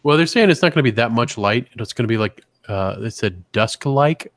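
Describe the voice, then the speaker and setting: A man's voice: medium pitch, lively intonation, a little fast, dry recording. A man co-hosting a podcast, chatting loosely with lots of fillers and swearing. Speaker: podcast co-host. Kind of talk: casual banter.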